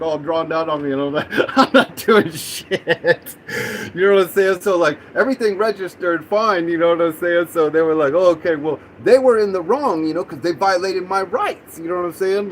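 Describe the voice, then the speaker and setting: Animated, rambling man. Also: high-pitched, a little hiss or hum, rough recording. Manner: rambling, animated, peppered with "dude" and "you know what I'm saying". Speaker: livestream host. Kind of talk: casual storytelling on a livestream.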